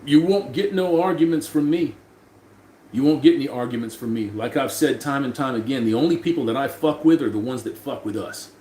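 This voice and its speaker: A man's voice: medium pitch, brisk, dark tone. Man, livestream host, loose profane chat, roomy echo, faint hum behind. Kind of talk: casual live chat.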